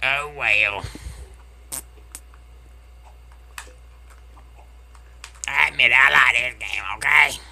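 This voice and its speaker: A man's voice: mid-range voice, normal speed, gravelly, sharp tone, slight background noise. A man voicing a cackling, trash-talking old grandpa in an online game's voice chat, who jeers and repeats his taunts over and over. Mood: grumbling. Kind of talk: trolling voice chat.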